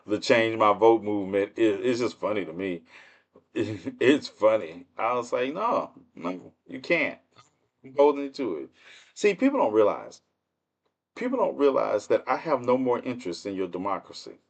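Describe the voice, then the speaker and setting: A man's voice: fairly low pitch, moderate pace. Mocking, laughing man streaming commentary. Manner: mocking, laughing, rhetorical, animated. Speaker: livestream host. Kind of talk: casual political commentary.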